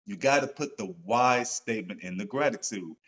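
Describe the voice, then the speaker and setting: Excitable man giving a casual pep talk. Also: on the low side, normal speed, muffled recording. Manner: animated, swears casually, gets excited and loud. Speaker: author and host of a live stream. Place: at home, seated in a wheelchair.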